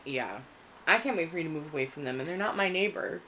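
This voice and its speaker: A woman co-hosting a podcast who chats casually and backs others up with quick, lively asides. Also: low voice, slight background noise. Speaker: podcast co-host. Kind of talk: casual chat.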